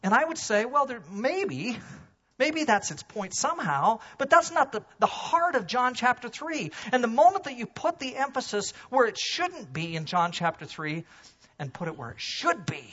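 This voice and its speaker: Husky, animated man preaching. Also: normal speed, highs cut off. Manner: animated preaching, swings from loud emphasis to hushed low asides. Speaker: pastor. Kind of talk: sermon. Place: church sanctuary.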